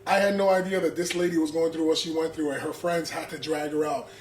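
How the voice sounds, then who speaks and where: A man with a fairly high voice tells stories with lots of slang and acts out what people said. The sound is roomy and echoey, with faint noise underneath. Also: fast talker. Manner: animated, slangy, acts out quotes. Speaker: comedian guest. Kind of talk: casual storytelling.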